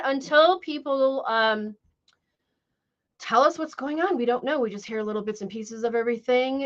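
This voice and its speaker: Woman hosting a live stream, chatty and a bit hesitant, lots of ums, muffled lo-fi sound. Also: fairly high pitch. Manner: chatty, hesitant, many fillers. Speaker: livestream host. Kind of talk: casual live chat.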